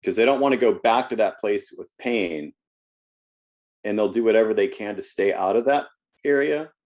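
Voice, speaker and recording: A man's voice: on the low side, moderate pace, darkish tone. A man who works as a health coach, talking casually in an interview and telling stories from his work, often restarting and repeating words.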